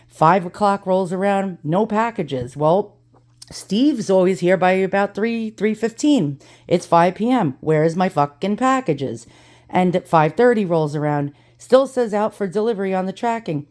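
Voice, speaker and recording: A woman's voice: mid-range voice, expressive, measured pace, darkish tone. A middle-aged woman vlogger talking in a casual, blunt and profane way, telling a story while she unboxes things. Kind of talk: casual ranting vlog chat.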